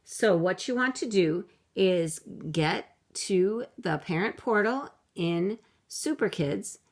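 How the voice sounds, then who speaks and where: A woman teaching young children phonics from home, slowly sounding out words letter by letter for her camera. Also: mid-range voice, lively intonation. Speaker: kindergarten teacher. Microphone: computer camera mic.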